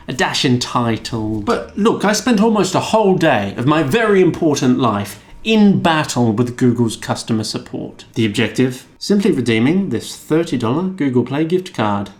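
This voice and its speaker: A man's voice: medium pitch, expressive, moderate pace, few pauses. A man, telling a comedic rant about a customer-support mishap in a wry, self-deprecating way. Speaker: vlogger.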